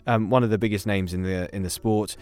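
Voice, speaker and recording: A man co-hosting a daily news round-up podcast, chatting in a lively way and laughing easily. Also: fairly low pitch, fairly quick, clean tone, no room sound. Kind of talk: upbeat news round-up chat.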